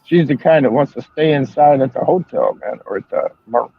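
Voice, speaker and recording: A man's voice: medium pitch, brisk, creaky, slightly rough. Older man telling crude stories. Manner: rambling, profane storytelling. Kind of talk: casual chat. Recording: dull lo-fi sound.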